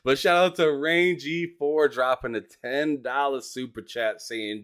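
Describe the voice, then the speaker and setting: A man's voice: mid-range voice, steady tone, unhurried, few pauses, fairly bright tone, smooth. A man hosting a casual gaming interview, encouraging and given to repeating words as he talks. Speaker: host.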